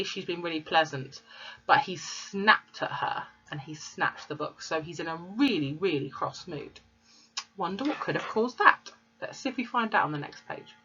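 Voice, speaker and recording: A woman's voice: low-pitched, bright, forceful tone, slightly rough. A woman reading a storybook aloud to children and explaining the pictures and words as she goes. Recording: dull lo-fi recording.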